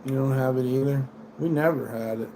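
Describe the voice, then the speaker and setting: A man's voice: mid-range voice, fairly even intonation, a little fast, noisy background. Profane, rambling American man streaming. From United States. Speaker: livestream host. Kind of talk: rambling livestream rant.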